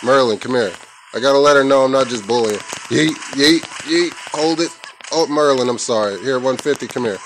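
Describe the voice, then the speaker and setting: A man's voice: medium pitch, brisk, a bit bright, slight background noise, poor audio. A young man recording his own gameplay at home on a headset mic, trash-talking, cussing and yelping as he plays. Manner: playful trash talk, cussing, sudden yelps. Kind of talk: casual gameplay commentary.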